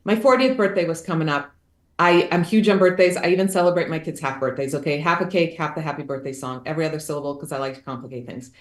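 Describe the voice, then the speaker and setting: A woman's voice: sits low, fast, echoey room. A woman guest author tells a personal story, candid and emphatic, repeating phrases for effect.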